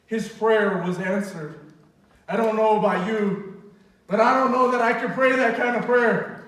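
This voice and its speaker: A woman giving an emphatic sermon to a youth group, asking rhetorical questions and sometimes shouting. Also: on the high side, a little slow. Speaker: youth retreat speaker. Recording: very echoey hall, distant voice.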